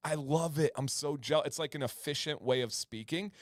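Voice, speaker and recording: A man's voice: on the high side, moderate pace, dry recording, clean studio sound. A man co-hosting a livestream in a casual, enthusiastic chat, laughing often. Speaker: livestream co-host.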